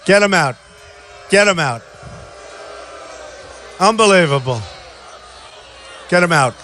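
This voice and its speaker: Sixties guy ranting at an outdoor rally, crisp bright voice, keeps repeating stuff. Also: high voice, animated, takes it slowly, slight background noise. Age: 60s. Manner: rambling and repetitive, often shouting to a crowd. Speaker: presidential candidate. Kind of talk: off-the-cuff campaign rally speech.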